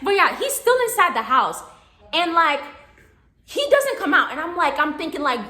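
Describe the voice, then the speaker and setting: Animated young woman telling a story. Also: high voice, fairly quick. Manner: animated, chatty, laughs often, acts out quotes. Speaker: vlogger. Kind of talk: casual storytime. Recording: echoey room.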